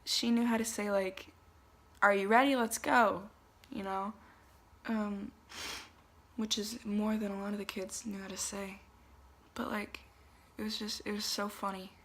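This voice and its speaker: A young woman vlogging on a trip, telling stories in a chatty, animated way with lots of fillers. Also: mid-range voice, measured pace, pauses often, a little hiss or hum. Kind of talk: casual storytelling to camera. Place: travel spots in Italy, some clips outdoors.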